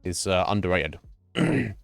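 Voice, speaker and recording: A man's voice: low-pitched, animated, normal speed, gravelly, soft background music. A man chatting casually on a gaming stream at home, rambling and swearing freely. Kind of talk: casual chat while gaming.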